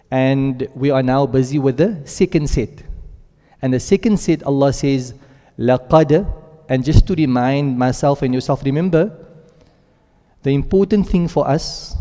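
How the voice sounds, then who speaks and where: A male Quran teacher giving a classroom lesson, explaining step by step, checking in often with the class and reciting Arabic verb forms in quick runs. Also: mid-range voice, warm tone, long reverb tail.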